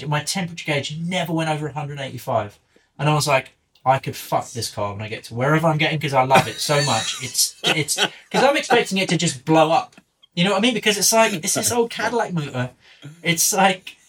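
A man with an English accent, a podcast guest telling a long road-trip story in casual chat, full of swearing and acted-out voices of other people. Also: on the high side. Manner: animated, profane storytelling, acting out others' lines.

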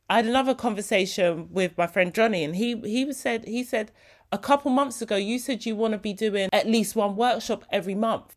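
A young woman, hosting a casual solo podcast in a chatty, heartfelt way. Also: medium pitch. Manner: chatty, heartfelt, slips into quoted voices. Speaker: podcast host.

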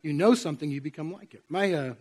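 A man with a notably high-pitched voice delivers a sermon to a congregation in a church sanctuary. He talks in a conversational way and keeps checking in with his listeners through questions. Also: fast, darkish tone. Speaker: pastor.

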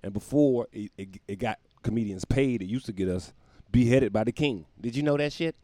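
This podcaster talks a little fast in a mid-range, dark-toned voice, riffing casually and comically on his own show and laughing at his jokes. He's in a room at home by the windows, and the sound is dry.

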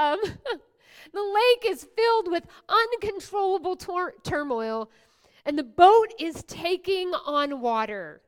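A woman pastor preaching a sermon, swinging from hushed whispers to loud exclamations, with playful asides to the congregation. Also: high voice.

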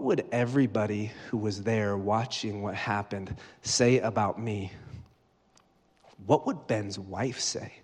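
A man's voice: on the low side, slow pace, darkish tone, husky. Man preaching in a reverberant hall. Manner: storytelling, acting out dialogue with rising energy. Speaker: guest preacher. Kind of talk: sermon.

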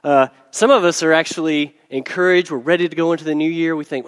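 A man preaching a sermon as pastor, hoarse from a cold, talking conversationally with fillers and restarts. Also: on the high side, fairly even intonation, quick pace, few pauses, in a large hall. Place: church hall.

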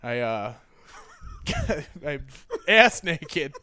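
A man's voice: on the high side, wildly swooping pitch, drawn-out words, pushed and bright, dry recording. Laughing, rambling young man. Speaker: podcast guest telling a story. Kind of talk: casual storytelling.

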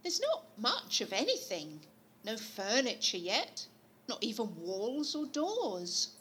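An eager, gushing actress character, played by a woman in a comedic audio play. Her voice sits high and bright, swooping widely up and down while she takes her time over the words. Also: takes it slowly, slightly rough, full character voice. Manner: gushing, excitable.

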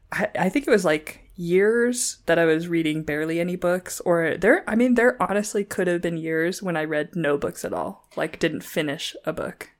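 Young woman co-host, easygoing casual chat, lower pitch. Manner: relaxed, agreeable, short backchannels. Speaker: podcast co-host.

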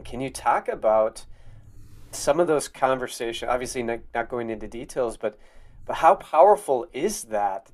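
A man's voice: lowish voice, a little mellow. A man co-hosting a podcast, asking questions and reacting in an enthusiastic, affirming way. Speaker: podcast co-host. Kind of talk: interview questions and commentary.

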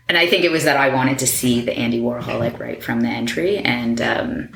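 Chatty woman designer guest, very low pitch, roomy recording. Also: moderate pace, creaky, fairly bright tone, a little hiss or hum. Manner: chatty, many fillers like "like" and "you know"; laughs easily. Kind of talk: casual interview talk. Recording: roomy echo.

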